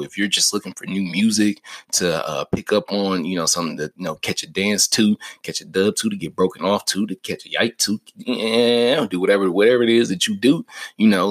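A young man hosting a casual podcast, talking loosely with lots of slang, swearing and fillers. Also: low-pitched. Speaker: podcast host.

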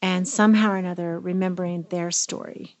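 A woman's voice: on the low side, steady tone, fairly quick, darkish tone. A woman, a therapist co-hosting a podcast, speaking in an earnest, personal way. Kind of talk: casual podcast conversation.

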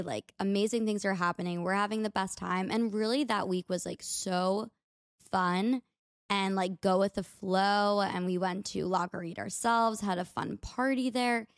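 A woman's voice: mid-range voice, no room sound. Chatty young American woman, dry close sound. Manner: chatty, peppered with "like", upbeat. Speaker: podcast host. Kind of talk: casual storytelling monologue.

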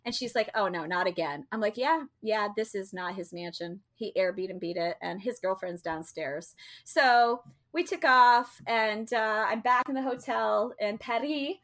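Casual woman co-host, bright voice, rambling anecdote delivery. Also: medium pitch, measured pace. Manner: chatty storyteller, many fillers and restarts. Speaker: co-host telling a travel story. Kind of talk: casual chat.

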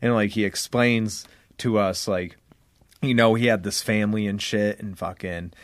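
A man's voice: on the low side, steady tone, moderate pace, no room sound, studio quality. Young man rambling through a story. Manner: rambling storyteller, heavy swearing and "like" fillers. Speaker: podcast host. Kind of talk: casual podcast chat.

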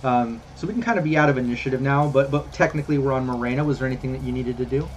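A man's voice: medium pitch, rapid-fire, soft background music. Rambling male game master. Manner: relaxed, rambling, many fillers and restarts. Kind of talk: narrating a tabletop game.

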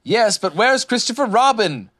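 A man voicing a fussy, self-important male rabbit in a storybook reading, talking in a bossy, brisk way. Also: high-pitched, expressive, a bit bright, no echo, clean studio sound, pitched above the performer's own voice.

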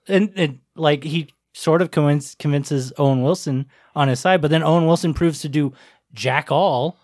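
A man with a slightly high voice tears into a movie plot in a relaxed podcast conversation. He sounds incredulous and keeps swearing as he vents. The sound is close and dry. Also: normal speed, no room sound. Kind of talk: casual movie discussion.

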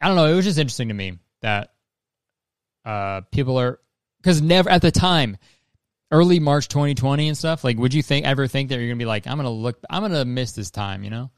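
A man's voice: mid-range voice, animated, a little fast, dry recording, studio quality. A man hosting a podcast in casual, rambling chat, swearing freely and laughing often. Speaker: podcast host.

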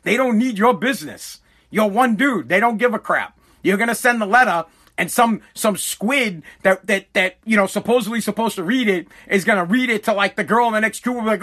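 A middle-aged man rants through a comedic monologue in a fairly high register, swearing freely as he rambles through his stories. His voice is bright and sharp, and his delivery is blunt, loose and unfiltered. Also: normal speed. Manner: profane, blunt, rambling storyteller.

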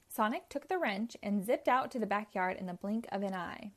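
A woman reading a children's chapter book aloud in a slow, clear, expressive way. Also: medium pitch. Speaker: storyteller.

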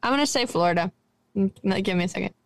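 A woman's voice: mid-range voice, lively intonation, fast talker, dry recording. A woman co-hosting a casual sports podcast, playful and teasing as she makes her picks. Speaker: podcast co-host.

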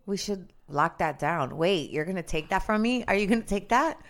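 A woman who works in radio co-hosts a podcast, keeping the casual chat playful and bubbly and laughing often. Her voice sits on the low side, animated and at normal speed.

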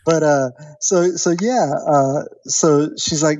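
A man in his thirties casually telling a long story on a podcast, animated and acting out the voices of the people in it. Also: fairly high pitch, takes it slowly, highs cut off. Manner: animated storyteller, acts out quoted voices, many fillers. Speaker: podcast guest.

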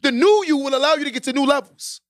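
Man, podcast host, very high voice, emphatic motivational monologue, repeats himself for stress, bursts into shouting. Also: fast. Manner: emphatic and preachy, repeats key lines for stress; builds to shouted exhortations.

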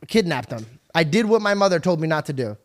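A young man hosting a podcast, telling stories in a casual, animated way, acting out voices and swearing freely. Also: a little high, fast. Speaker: podcast host. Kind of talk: casual storytelling chat. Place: podcast studio.

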